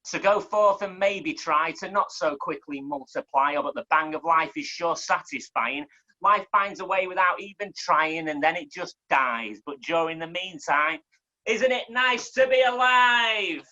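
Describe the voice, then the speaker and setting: A man with a Mancunian accent, performing fast, punchy poetry full of swearing and wordplay, then chatting casually as a guest. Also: fairly high pitch, pushed and bright, muffled recording. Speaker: guest poet.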